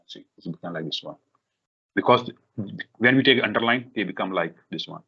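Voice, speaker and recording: A man leading a live software tutorial for a workshop, talking in halting bursts with many fillers, restarts and repeated "okay"s. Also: on the low side, husky. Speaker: workshop instructor. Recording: dull lo-fi recording.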